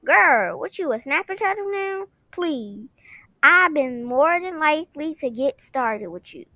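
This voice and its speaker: A woman voicing a sassy young woman who is another girl's rival, in an amateur online drama, speaking in a high, snippy, mocking way. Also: expressive, a little slow, pushed and bright, dry recording, studio quality, exaggerated voice.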